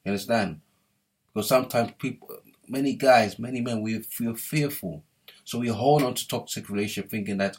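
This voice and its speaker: A man's voice: fairly low pitch, moderate pace, breathy edge. A young man giving an emphatic, repetitive motivational monologue, often checking in with "yeah?". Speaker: motivational speaker. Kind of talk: preachy monologue to camera.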